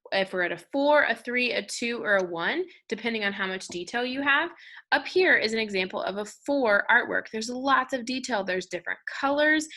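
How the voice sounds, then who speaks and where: A woman's voice: fairly high pitch, sharp tone. A woman teaching an art lesson to children, leading call-and-response chants with hand movements.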